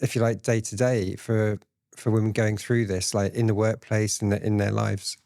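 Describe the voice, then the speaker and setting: A man's voice: on the low side, little pitch movement, moderate pace, vocal fry, darkish tone, dry recording, studio quality. A man interviewing a guest, asking questions hesitantly with restarts and many "I guess" phrases. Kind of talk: conversational interview.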